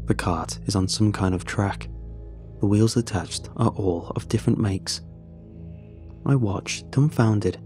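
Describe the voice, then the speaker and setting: Low, mellow male horror narrator. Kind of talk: first-person horror story narration.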